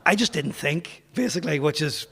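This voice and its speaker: Animated and a little fast, a pastor from Northern Ireland delivers a humorous anecdote to an audience, his higher voice pushed and bright. He chats away and acts out quoted voices, with the parish hall's reverb and slight background noise around him.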